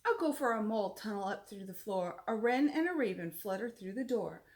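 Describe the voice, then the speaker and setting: A woman reading a children's picture book aloud, animated, and pausing to explain words to young listeners. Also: mid-range voice. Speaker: storyteller.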